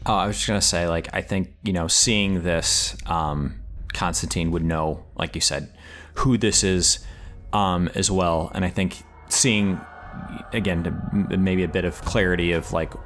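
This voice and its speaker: Deep-voiced guy playing ttrpg, um-ing through his moves. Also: fairly even intonation, measured pace, a bit bright, faint music behind. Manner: hesitant, thinking aloud. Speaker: player. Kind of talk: casual tabletop play.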